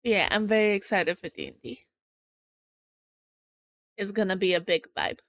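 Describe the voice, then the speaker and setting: A woman streamer chatting casually with viewers in a bubbly, excited high-pitched voice. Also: normal speed, no echo. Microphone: desk microphone.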